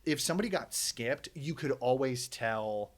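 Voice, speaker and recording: A man's voice: mid-range voice, lively intonation, moderate pace. A man talking as a podcast guest, telling stories in casual chat and acting out the people he quotes. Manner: storytelling, acts out quoted people.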